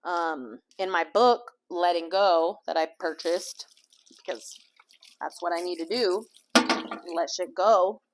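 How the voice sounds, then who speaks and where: A woman's voice: lowish voice, slow, a little hiss or hum. A woman vlogger and life coach in a home kitchen, rambling candidly through a casual chat full of fillers and swearing. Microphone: small clip-on mic.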